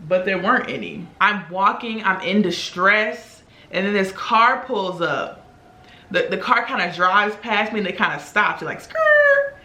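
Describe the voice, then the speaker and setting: A young woman spins a long story in a casual, animated way and slips into other people's lines as she tells it. Her voice is bright with a gravelly rasp. The room around her echoes noticeably. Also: mid-range voice, measured pace. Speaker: beauty vlogger. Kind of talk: casual storytelling while doing makeup.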